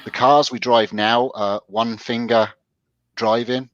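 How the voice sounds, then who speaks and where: A man's voice: mid-range voice, little pitch movement, slow pace, fairly bright tone, no room sound, muffled recording. A man co-hosting a casual chat show, telling stories in a stop-start way with restarts. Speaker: podcast co-host.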